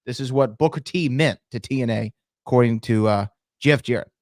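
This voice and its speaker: A man's voice: mid-range voice, brisk, no room sound, studio quality. A man co-hosting a podcast, casually setting up clips with plenty of ums and uhs. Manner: conversational, introduces clips with fillers. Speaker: podcast co-host. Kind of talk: casual chat.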